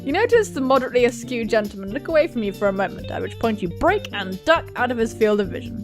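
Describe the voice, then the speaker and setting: A young woman hosting a gaming video, reading a visual novel aloud quickly and giggling as she jokes between lines. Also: fairly high pitch, big pitch swings, music in the background.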